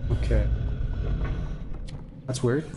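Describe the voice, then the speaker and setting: Extremely slow and set against a noisy background, a man streams a horror game. He chatters nervously to himself and to the game's creatures, jumping at scares in his let's-play commentary.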